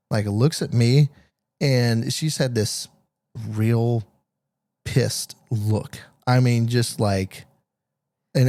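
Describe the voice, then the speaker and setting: Young male podcast co-host, dark mellow tone, dry mic, rambling stop-start stories. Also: medium pitch, vocal fry, no echo. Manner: halting, many "uh" and restarts, storytelling. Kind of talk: casual chat.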